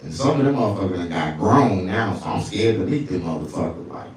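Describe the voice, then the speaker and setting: A male stand-up comedian telling crude stories, often jumping into falsetto. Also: animated, a little fast, very echoey, recorded from a distance. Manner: crude, storytelling, swings into falsetto.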